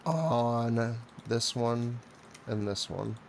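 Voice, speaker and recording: Slow gravelly-voiced male player. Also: medium pitch, slight background noise. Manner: slow, deliberate, thinking out loud. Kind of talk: playing a tabletop game.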